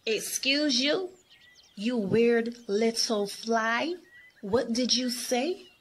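A woman's voice: mid-range voice, takes it slowly, a little hiss or hum. A woman doing a bossy, snippy girl mosquito. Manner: snippy, shouting with attitude. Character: bossy mean young female mosquito.

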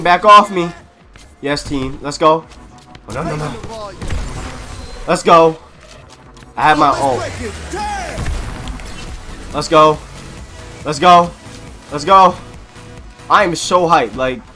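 A young man commentating his own gameplay, loud and excitable, yelling and laughing at what happens on screen. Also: on the high side, unhurried, pauses often, faint music behind. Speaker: gaming YouTuber.

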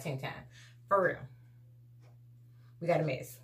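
A woman's voice: sits low, unhurried. A woman, chatting casually to viewers in a laid-back home haul vlog. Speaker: vlogger.

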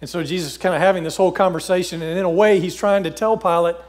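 A man preaching a sermon in a relaxed, conversational way, paraphrasing scripture with frequent fillers and restarts. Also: sits high, very fast, few pauses. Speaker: pastor. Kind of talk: casual sermon with scripture reading.

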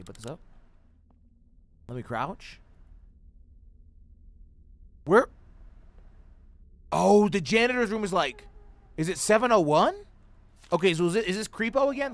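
A young man doing loud, profane let's-play commentary on a horror game, screaming at jump scares. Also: high voice, very animated, moderate pace, long pauses. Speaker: gaming streamer.

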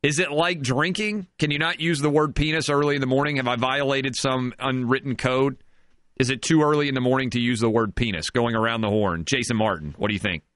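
A man's voice: medium pitch, a little fast, a bit bright, no room sound. A man hosting a sports talk radio show, riffing sarcastically and in mock outrage.

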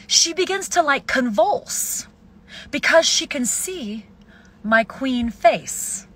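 A woman's voice: high voice, expressive, slow pace. Furious, swearing woman ranting at the camera. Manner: furious, profane, shouting then hushing. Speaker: video poster. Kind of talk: angry self-filmed rant.

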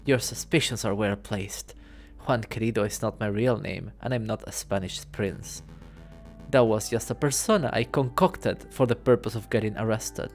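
A man voicing a sly male fox detective who poses as a prince, speaking smoothly, quietly and theatrically. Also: fairly low pitch, moderate pace, soft background music, close to an everyday voice. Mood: musing.

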